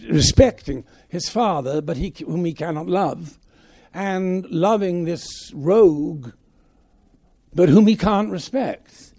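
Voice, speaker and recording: An older man from England recounts his memories with a dark, gravelly voice. He talks in a halting, reminiscing way, restarting phrases often. The sound is close and dry. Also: a little high, dry recording. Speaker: guest actor. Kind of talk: anecdotal stage conversation.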